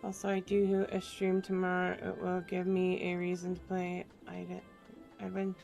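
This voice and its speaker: A woman's voice: fairly low pitch, completely flat delivery, moderate pace, vocal fry, a little mellow. A woman game streamer chatting casually with viewers, sleepy and trying not to yawn. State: sleepy, stifling yawns. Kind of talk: casual gaming stream chat. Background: faint chill background music.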